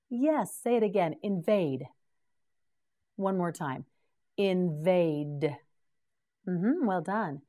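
A middle-aged woman with a lowish, mellow voice teaches English vocabulary in a slow, scripted pronunciation drill. She patiently says each word several times, slowly, and encourages the learner with praise.

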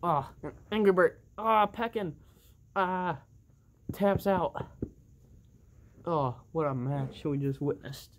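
An excitable play-by-play commentator calls a toy wrestling match, breaking into bursts of oohs and laughing mid-call. The delivery is slow and drawn out. The pitch sits in a plain middle register.

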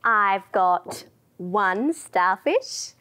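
Slow, sing-song woman teaching toddlers music. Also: mid-range voice, lively intonation. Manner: slow, sing-song and encouraging, dropping to whispers for quiet parts. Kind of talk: children's music lesson.

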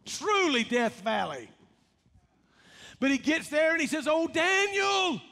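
A man with a Southern American accent preaching a sermon as pastor, often rising to shouts and stretching out his lines. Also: very high voice, big pitch swings, a little slow, gravelly. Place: church sanctuary. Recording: long church hall reverb.

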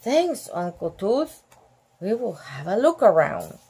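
A woman's voice: medium pitch, very animated, a little slow, mellow, husky, pitched below the performer's own voice, heavily acted. A woman voicing an adventurous male seafaring uncle in a plain read-aloud voice with giggles. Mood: bold.

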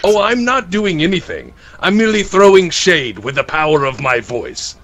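A man putting on a pompous posh gentleman gangster. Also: high-pitched, sing-song, normal speed, exaggerated voice. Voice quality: affected posh accent. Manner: formal, theatrical, mock-proper phrasing. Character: pompous top-hatted gentleman gangster, male adult. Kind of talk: game role-play.

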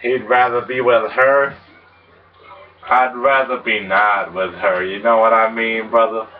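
A man giving casual game commentary, rambling and crude, laughing and jumping into high excited yelps. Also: measured pace, far from the mic, narrow, tinny audio. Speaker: gameplay commentator.

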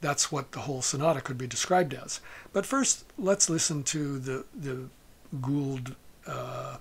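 A man giving a music lecture, speaking haltingly with many fillers and soft asides. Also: medium pitch, creaky, breathy edge. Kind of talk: lecture on a recording.

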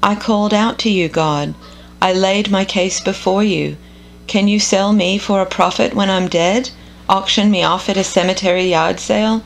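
A woman reading scripture aloud in a measured, contemplative devotional style. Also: medium pitch, fairly even intonation, vocal fry, slight background noise, low-quality recording. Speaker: scripture reader.

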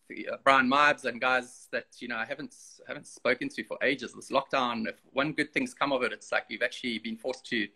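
A man's voice: mid-range voice, pushed and bright. A man hosting a casual interview over a video call, chatty and teasing in his banter. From South Africa. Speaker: host.

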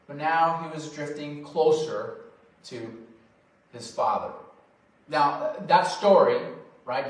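A male pastor preaching a sermon, swinging from loud emphasis to quiet, drawn-out phrases. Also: on the high side. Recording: very echoey hall, voice from far off.

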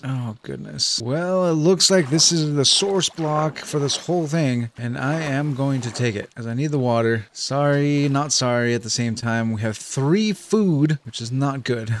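A man giving gameplay commentary as a let's play host, chatting as he thinks aloud, often restarting sentences and chuckling. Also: mid-range voice.

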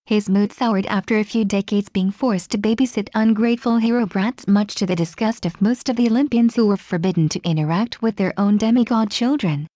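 Mellow woman reading a fan story. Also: medium pitch, a little fast, hardly any pauses, no room sound. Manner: steady, even reading with occasional slips. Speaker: story narrator.

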